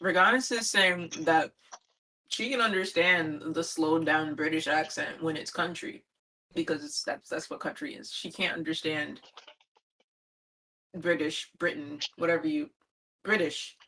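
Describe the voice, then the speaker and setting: A guest with a bright, sharp-edged voice joins a casual stream chat. This speaker explains a point patiently to the others, pausing to pick the right words. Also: mid-range voice, fairly even intonation, low-quality recording.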